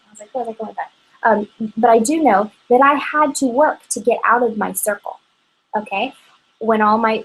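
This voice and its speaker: Husky-voiced woman coaching a sales team. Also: a little high, poor audio. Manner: upbeat, chatty, keeps checking in with "okay?". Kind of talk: motivational training talk.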